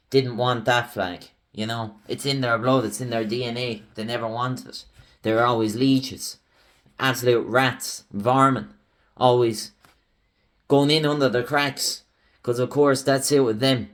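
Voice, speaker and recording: A young Irish man, hosting his own channel, delivering a heated, ranting political commentary monologue. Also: mid-range voice. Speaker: channel host.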